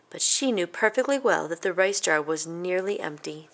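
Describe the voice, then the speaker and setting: A woman reading a children's picture book aloud in an even, gentle storytelling manner. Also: on the low side, moderate pace, noisy background. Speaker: storybook reader.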